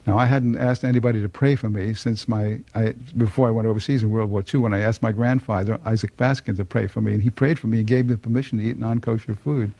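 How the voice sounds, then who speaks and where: A man's voice: fairly low pitch, fairly even intonation, fast talker, hardly any pauses, dark tone, dry recording. An older man telling a personal conversion story to an audience, folksy and chuckling often. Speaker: speaker giving a personal testimony.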